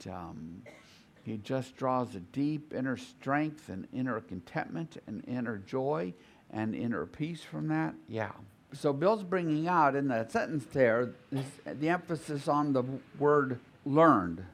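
A man leading a group Bible study, explaining scripture in a thoughtful way and often restarting his phrases as he works through an idea. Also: fairly high pitch. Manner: thoughtful, repeats and restarts phrases while reasoning aloud.

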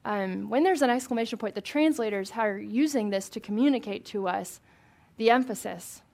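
A woman's voice: fairly high pitch, normal speed, a little mellow. A woman leading a Bible study for a small group, reading scripture aloud and chatting with questions to the room.

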